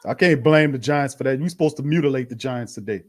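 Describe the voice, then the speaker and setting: A man's voice: medium pitch, fast. A man hosting a sports live stream, ranting heatedly with frequent swearing and stammered restarts. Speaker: sports show host. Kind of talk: live-stream watch party rant.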